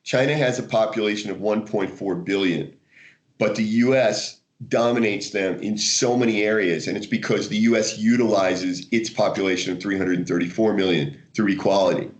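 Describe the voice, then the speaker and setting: A man's voice: lowish voice, moderate pace. Chatty storytelling American man. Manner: animated storyteller, laughs often, many restarts. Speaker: guest, martial arts author. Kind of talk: casual interview chat.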